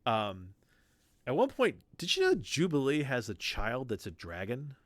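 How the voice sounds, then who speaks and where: A man of ordinary pitch hosts a casual podcast from home. His voice rises and falls a lot as he acts out quoted lines and swears with enthusiasm. The sound is dry and close, with no room echo. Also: wildly swooping pitch, unhurried. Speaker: podcast host. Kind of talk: casual chat about comics.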